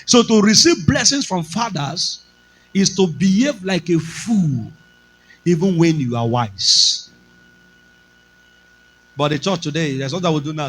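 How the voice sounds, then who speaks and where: High-voiced Nigerian preacher. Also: male voice, expressive, a little slow, long pauses, fairly bright tone, husky, rough recording. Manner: emphatic preaching, slipping into Pidgin. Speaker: pastor. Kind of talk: sermon.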